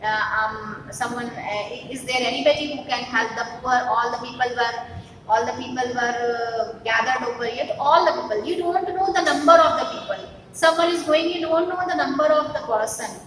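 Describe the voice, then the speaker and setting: A woman with an Indian English accent teaching a grammar lesson to a class, explaining slowly with many fillers and repeated examples. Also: a little high, background noise. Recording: echoey hall, recorded from a distance.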